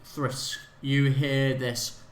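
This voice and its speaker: A man narrating a tabletop game as game master, halting and full of fillers. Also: mid-range voice, flat delivery, reverberant, background noise. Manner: halting, many fillers and restarts.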